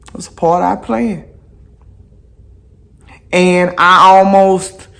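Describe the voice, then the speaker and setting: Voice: mid-range voice, fairly bright tone. A vlogger talking casually to viewers while out on a walk, repeating phrases for emphasis and going off on chatty asides. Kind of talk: casual walking vlog talk. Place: outdoors on a walk.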